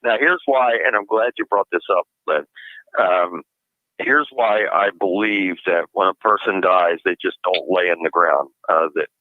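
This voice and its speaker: Pria bersuara rendah lewat telepon. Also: male voice, deep voice, no room sound. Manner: measured, hedging, conversational. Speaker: guest, deliverance minister. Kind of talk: radio interview. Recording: tinny phone-line sound.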